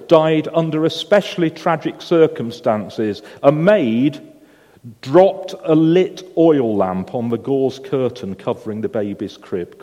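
Mellow-voiced preacher in a reverberant hall. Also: male voice, mid-range voice. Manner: storytelling, asks the congregation questions. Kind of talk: sermon. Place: church hall with a congregation.

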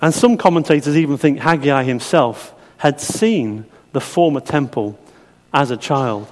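Preacher in a reverberant hall. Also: male voice, mid-range voice, a little slow. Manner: conversational, asks the congregation questions. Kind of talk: sermon.

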